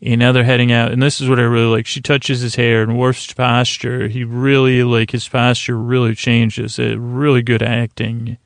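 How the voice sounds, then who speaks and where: A man's voice: mid-range voice, little pitch movement, normal speed, gravelly, few pauses, no echo. A man hosting a podcast, recapping an episode in a casual, rambling way with lots of hesitant fillers. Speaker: podcast host.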